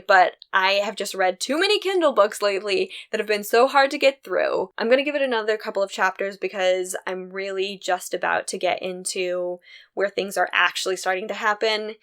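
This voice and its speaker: A woman's voice: medium pitch, lively intonation, moderate pace, fairly bright tone. A woman hosting a knitting video podcast in a casual, candid chat, laughing now and then between thoughts.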